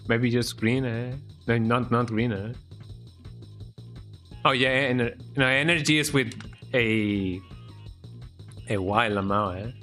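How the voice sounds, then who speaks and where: A man chats while he streams a video game, with a casual, rambling flow that keeps ending on "eh?". His voice sits in an ordinary middle pitch. Soft game music plays faintly underneath. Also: takes it slowly, pauses often. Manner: relaxed, rambling, tags lines with "eh?". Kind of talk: casual live-stream chat while gaming.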